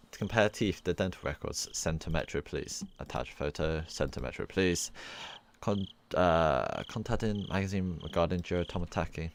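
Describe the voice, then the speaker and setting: A man streaming, reading a visual novel's text aloud, halting and restarting often, with laughing asides. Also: low voice, a little hiss or hum.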